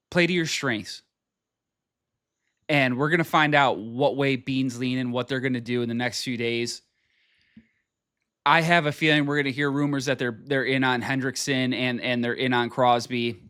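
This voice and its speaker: A man's voice: medium pitch, steady tone, measured pace, pauses often, a bit bright, smooth, no room sound, studio quality. A man giving blunt, opinionated sports commentary in casual chat, repeating himself for emphasis and swearing freely.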